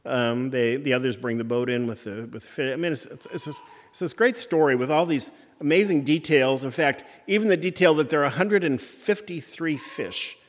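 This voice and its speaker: A man preaching a conversational sermon, halting and restarting often as he retells a story. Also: mid-range voice. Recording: reverberant hall.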